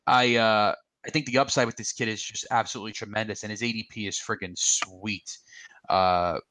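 A man's voice: lowish voice, steady tone, a little fast, sharp tone, no room sound. A man co-hosting a casual podcast chat, blunt and emphatic in his opinions. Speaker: podcast co-host.

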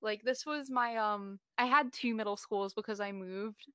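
A woman's voice: medium pitch, moderate pace, pushed and bright, smooth, no echo, studio quality. Woman telling a casual story. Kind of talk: casual chat.

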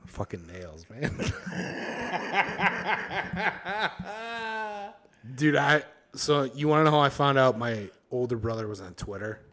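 A man's voice: on the high side, big pitch swings, slow, pauses often, bright, forceful tone. A young man co-hosting a casual podcast chat, swearing a lot, rambling and laughing as he acts out other people's lines. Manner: profane, rambling, laughs often, acts out quotes. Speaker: podcast co-host.

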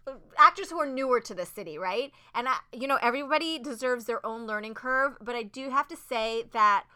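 A woman who acts on stage, talking as a podcast guest, earnest and animated, with many "like"s and restarts. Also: on the high side, fairly quick, clear, resonant tone. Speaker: Broadway actress, podcast guest. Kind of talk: casual interview chat.

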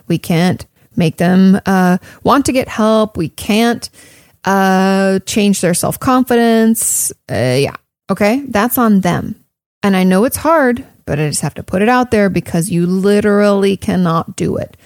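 A woman's voice: medium pitch, a little mellow, no echo, clean studio sound. A woman therapist answering listener questions in a casual, conversational way, often saying "like" and "um" and repeating her points for emphasis. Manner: conversational, frequent "like" and "um", emphatic repetition. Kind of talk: casual advice talk.

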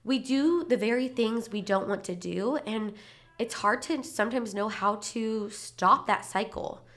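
A woman's voice: on the high side, a little slow, a bit bright. Chatty, encouraging woman podcast host. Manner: candid, encouraging, chatty with lots of "like". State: heavily pregnant. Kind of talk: casual solo podcast talk.

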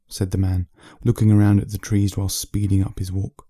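Deep, dark-voiced man telling a bedtime story. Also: no room sound, clean studio sound. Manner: slow, steady storyteller. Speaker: author reading his own story.

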